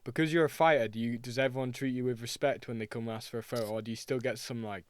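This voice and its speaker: A man's voice: medium pitch, steady tone, fast. A man co-hosting a podcast in casual chat, repeating words for emphasis. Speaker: podcast co-host.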